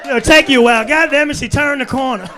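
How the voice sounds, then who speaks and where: A man performing a stand-up comedy set in a club, working the crowd with loud bursts and low asides. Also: fast, noisy background. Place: comedy club stage before a laughing crowd. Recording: live club recording with crowd laughter. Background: audience laughter.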